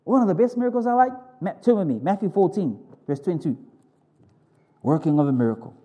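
A male pastor teaching a sermon with animated, vivid storytelling. His voice sits a little high for a man but sounds soft and mellow. He keeps an informal tone and often stops to correct himself. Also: fast, slightly rough. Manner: informal, self-correcting asides.

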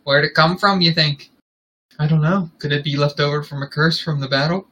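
A man doing a breathy young witch voice. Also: fairly high pitch, steady tone, a little fast, sharp tone, a little hiss or hum. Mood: eager.

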